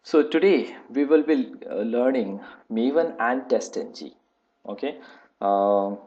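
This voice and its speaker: A man teaching a live online software testing class, talking in a halting way with many fillers and repeated points. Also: on the low side, dull audio.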